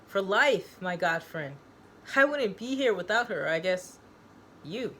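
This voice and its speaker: A woman's voice: medium pitch, expressive, unhurried, pushed and bright, a little hiss or hum. A woman reading aloud from her own novel, voicing a brash young male psych ward patient who talks in slang. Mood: cocky. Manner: cocky, slangy, calls people dude and man.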